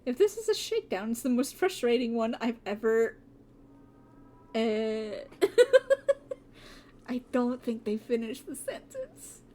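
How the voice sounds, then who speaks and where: Animated woman reading a game aloud. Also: on the high side, moderate pace. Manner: animated, swears and laughs at the game. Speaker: streamer playing a visual novel.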